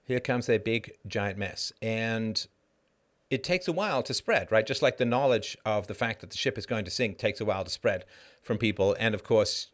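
A man from Canada with a lowish voice hosts a livestream at a moderate pace. His talk is a casual, animated monologue in which he acts out the characters in his stories.

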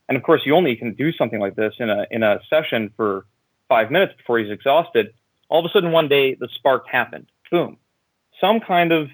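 A man calling in to a show, telling a story in an animated way, repeating words and acting out what people said. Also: mid-range voice, dry recording, rough recording. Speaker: caller. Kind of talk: casual phone-in conversation.

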